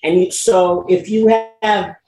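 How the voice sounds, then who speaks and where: A man's voice: high voice, steady tone, measured pace, darkish tone, roomy sound, soft background music, rough recording. A man guesting in a casual chat, talking animatedly and laughing often. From England. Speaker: guest actor.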